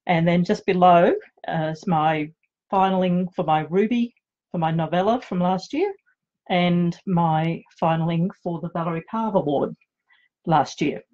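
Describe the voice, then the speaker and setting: A woman's voice: lowish voice, a little slow, a little mellow, lo-fi sound. A middle-aged woman with an Australian accent, an author chatting casually and nervously in her home office, joking about herself. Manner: chatty, nervous and self-deprecating. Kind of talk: casual live video chat.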